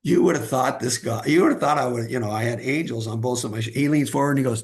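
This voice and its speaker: Gravelly man telling stories. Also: mid-range voice, quick pace, hardly any pauses. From California. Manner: anecdotal, acts out quoted voices, frequent fillers. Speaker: guest author. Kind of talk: storytelling interview.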